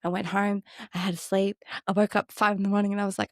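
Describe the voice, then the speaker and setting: A woman, a guest in a casual conversation, telling a personal story in an animated way and acting out the voices of the people in it. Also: medium pitch, fast talker, no echo, clean studio sound. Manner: animated, acts out quoted dialogue.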